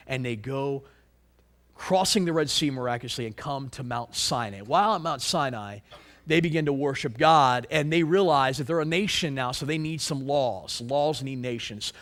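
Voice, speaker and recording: A preacher delivering a sermon in a voice pitched a little high for a man. He talks in an animated way and keeps asking his listeners questions. He often restarts and repeats his words.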